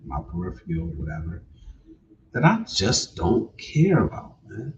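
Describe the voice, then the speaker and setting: A man's voice: deep voice, wildly swooping pitch, unhurried, a little hiss or hum. A man hosting a casual livestream, laid-back, repeating his points and often ending with "man". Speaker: livestream host. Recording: distant, dull lo-fi sound.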